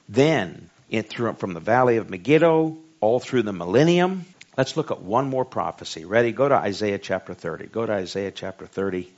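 A man with a Southern US accent preaching a sermon. He reads scripture slowly and emphatically, then jokes in a casual way. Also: on the low side. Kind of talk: sermon Bible study. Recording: dull lo-fi recording.

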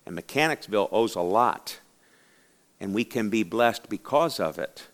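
A man's voice: mid-range voice, big pitch swings, brisk, a bit bright. Fiery preacher man. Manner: fiery, dramatic storytelling with acted-out voices. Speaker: pastor. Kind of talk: sermon. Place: church.

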